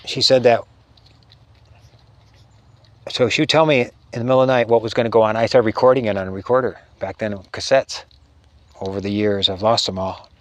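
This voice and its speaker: This middle-aged spiritual teacher has a fairly low-pitched voice. He tells a meandering story haltingly, with frequent restarts and phrases that trail off.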